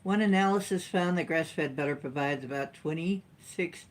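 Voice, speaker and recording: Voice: medium pitch, moderate pace, slight background noise, low-quality recording. A channel host talking casually to viewers, rambling through personal stories and reading an article aloud with sarcastic asides.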